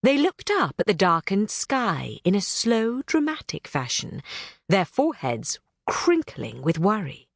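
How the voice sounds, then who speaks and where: A woman's voice: mid-range voice, unhurried, vocal fry, no room sound, clean studio sound. A woman reading a children's book aloud in a storytelling manner. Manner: animated, storytelling. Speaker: audiobook narrator. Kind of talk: scripted narration of a children's book.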